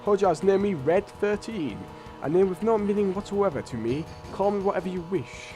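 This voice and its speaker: A man voicing a calm, proud male beast in a video game, speaking in a measured, dignified way. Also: high voice, music in the background, pitched above the performer's own voice. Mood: aloof.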